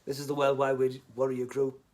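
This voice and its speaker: A man chatting casually on a live stream, rambling, joking and swearing, muttering asides and then loudly greeting viewers. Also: mid-range voice, monotone, moderate pace.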